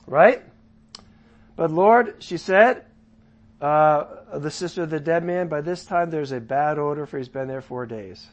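A man leading a casual Bible study, paraphrasing scripture in his own words with chatty asides and swinging from loud to soft. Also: fairly high pitch, moderate pace. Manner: lively shifts from loud to soft.

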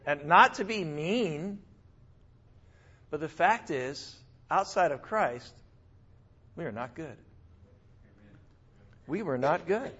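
A male pastor preaching a sermon in a conversational, animated way, with asides and small laughs. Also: high-pitched, slow, long pauses, slightly rough, highs cut off.

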